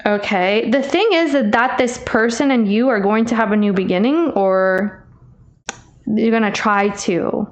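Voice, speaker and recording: A woman's voice: medium pitch, a little slow. A woman giving a casual tarot reading, chatty and teasing, calling the listener babe. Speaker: tarot reader.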